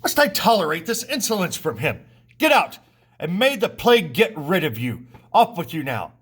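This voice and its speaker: Brief: male teacher reading an angry, proud king, accusing and sneering, voice a touch high. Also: sing-song, normal speed, fairly bright tone, husky, exaggerated voice. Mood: furious. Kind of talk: reading a play aloud.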